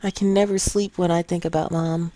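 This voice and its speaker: A man's voice: sits high, little pitch movement, a little fast, pitched above the performer's own voice, close to an everyday voice. A man doing a timid little girl. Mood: wistful. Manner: soft, hesitant, frightened. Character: timid young girl, frightened and lonely.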